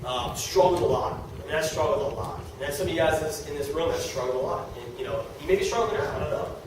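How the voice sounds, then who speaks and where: A middle-aged man giving a motivational talk to a live audience about network marketing, excitable, repeating words and laughing as he talks. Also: a little high, fast talker. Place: meeting room with an audience. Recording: echoey room, distant mic, background noise.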